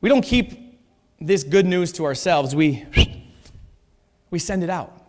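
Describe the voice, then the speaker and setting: A man's voice: a little high, expressive, unhurried, a little mellow. A man preaching a sermon in a church, emphatic and repeating his key phrases. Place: church sanctuary. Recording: long reverb of a church hall.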